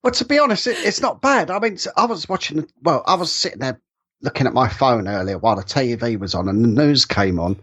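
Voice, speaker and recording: Husky-voiced English man chatting. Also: mid-range voice, animated, fairly quick, a bit bright. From England. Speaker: podcast guest. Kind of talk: casual podcast chat.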